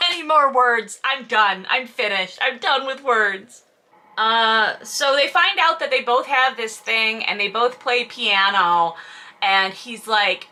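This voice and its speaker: A woman with a lisp and a slight stutter, riffing sarcastically and with a lot of swearing. Her voice is fairly high, bright and forceful. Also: takes it slowly. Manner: sarcastic, profane, exasperated. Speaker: host reading and roasting a novel. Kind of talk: casual commentary.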